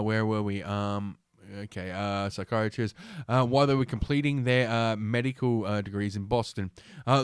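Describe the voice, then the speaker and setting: A man's voice: fairly low pitch, clear, resonant tone, dry recording, clean studio sound. Crude, mocking man reading aloud. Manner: crude, mocking, swears often, laughs at own jokes. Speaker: podcast host. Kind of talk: casual commentary while reading an article aloud.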